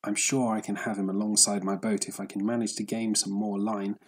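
A man's voice: on the low side, little pitch movement, brisk, slight background noise, natural voice. A man voicing a weary, stubborn old fisherman who mutters to himself as he strains. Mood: determined. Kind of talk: audiobook character voice.

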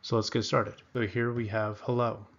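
A man teaching a beginner language lesson, saying each phrase slowly and repeating it for learners. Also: on the low side, little pitch movement, a bit bright, highs cut off. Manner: slow, repeats words carefully for learners.

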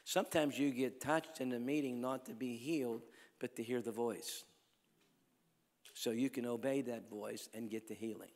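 A man preaching at a healing crusade, telling stories and swinging between loud calls to the crowd and hushed lines. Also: medium pitch, steady tone, normal speed. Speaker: evangelist preacher. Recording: long hall reverb.

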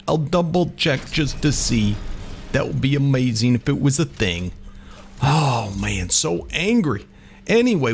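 A man giving excitable let's-play commentary over a game, often yelping and exclaiming. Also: medium pitch, creaky. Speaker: gaming YouTuber.

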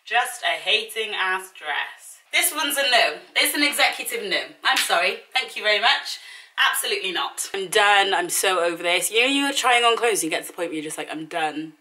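Recorded from a distance in an echoey room, this young woman in her twenties talks fast with lively intonation in a medium-pitched, pushed, bright voice. During her try-on haul at home she's dramatic, exasperated, and pokes fun at herself.

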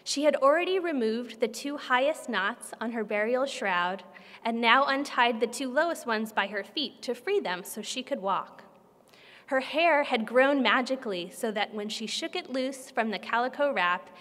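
A woman reads translated literary fiction aloud at a measured, expressive pace. Her voice sits fairly high. A long reverb hangs on every phrase, as in a large conference hall. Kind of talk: reading a translated novel aloud. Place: conference room.

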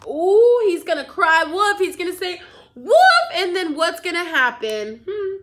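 A woman's voice: very high voice, lively intonation, normal speed, pushed and bright. A young adult woman teacher reading a storybook aloud to her class, playful and full of asides.

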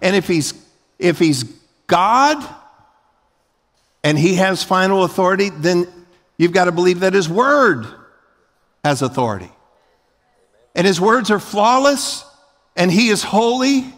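Emphatic pastor preaching in a hall. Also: male voice, high voice, sing-song, a little slow, long pauses. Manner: emphatic, rising to loud peaks; folksy, acts out short everyday scenes. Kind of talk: sermon. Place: large church sanctuary. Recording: long hall reverb.

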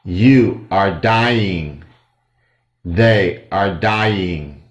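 Slow, patient American man teaching English. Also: low voice. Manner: patient, spells out letters and repeats drills. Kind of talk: slow drilled grammar lesson for kids. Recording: echoey room.

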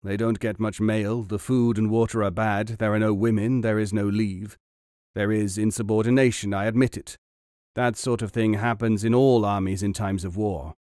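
A man's voice: fairly low pitch, fairly even intonation, normal speed, darkish tone, no echo, studio quality, close to an everyday voice. A man voicing a male Soviet army colonel who blusters and sneers, then turns defensive.

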